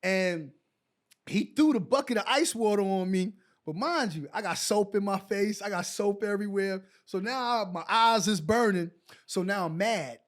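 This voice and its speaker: High-voiced man telling lively anecdotes. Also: moderate pace. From New York. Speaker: guest, former pro basketball player. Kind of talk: animated storytelling in a podcast chat.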